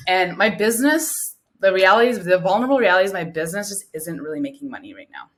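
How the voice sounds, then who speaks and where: A woman calling in to a live coaching show, talking earnestly and haltingly about her business. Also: mid-range voice, sing-song, fairly bright tone. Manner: earnest, halting, restarts often. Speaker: caller, coach with a small business. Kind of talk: casual live-call conversation.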